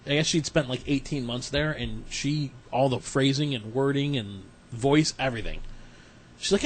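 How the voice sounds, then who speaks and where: A man's voice: medium pitch, moderate pace. A man co-hosting a podcast, chatting casually and rambling through stories with acted-out quotes. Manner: rambling storyteller, acts out quotes. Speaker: podcast co-host. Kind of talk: casual chat.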